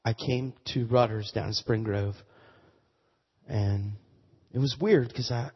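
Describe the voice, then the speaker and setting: A man preaching a sermon with a personal testimony, stumbling and repeating words, then building to loud emphatic preaching. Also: mid-range voice, takes it slowly, slightly rough, big-room sound. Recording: muffled lo-fi sermon recording.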